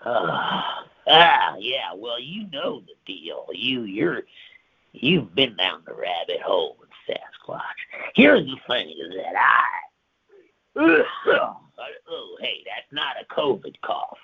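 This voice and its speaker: Man, gravelly, husky, wild profane storyteller, loud bursts and whispers, lo-fi radio. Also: mid-range voice, wildly swooping pitch, takes it slowly. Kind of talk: rambling comic tall tale on radio.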